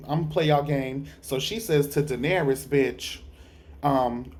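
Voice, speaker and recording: A tired man reviewing a TV episode in a sassy, profane, gossipy way, from a dark room at home. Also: medium pitch, slow pace. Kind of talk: casual review vlog.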